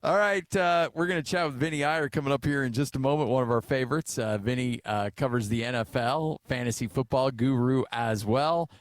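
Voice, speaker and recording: A man in his forties hosts sports talk radio, chatting and telling stories with plenty of fillers. His voice sits at a middle pitch. The studio sound is dry and close. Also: a little fast, few pauses, no echo. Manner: chatty storyteller, many "uh" fillers. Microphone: studio microphone.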